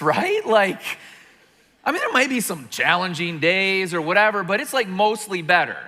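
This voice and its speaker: A middle-aged man preaching a sermon in a large church, conversational and animated, acting out little scenes as he goes. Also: high voice, moderate pace, big-room sound. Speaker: pastor.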